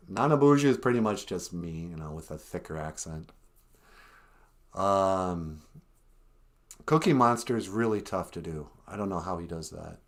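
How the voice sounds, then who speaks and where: A man hosting a casual live stream, chatting about how he does his impressions. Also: low-pitched. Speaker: host.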